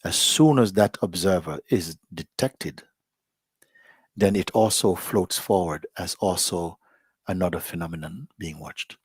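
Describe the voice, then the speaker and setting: A spiritual teacher speaks at a live satsang in a deep voice with a breathy edge, reflective and unhurried, often softening almost to a whisper. The recording is dry and the studio sound clean.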